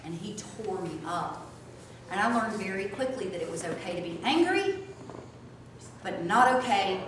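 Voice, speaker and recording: A woman teaching a small group, swinging from soft asides to loud outbursts. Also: lowish voice. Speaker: spiritual teacher. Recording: echoey room from a distance, faint noise.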